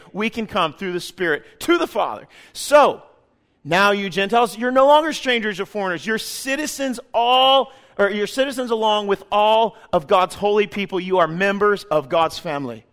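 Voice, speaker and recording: A man preaching a sermon, impassioned, moving between hushed, tender passages and loud, fervent calls. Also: high voice.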